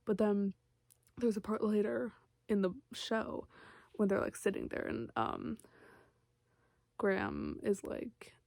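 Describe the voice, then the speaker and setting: A young woman vlogger chats casually about a book and its TV adaptation, gushing and rambling with plenty of filler words. Her mid-range voice is mellow with vocal fry, at a measured pace broken by long pauses. The recording is dry.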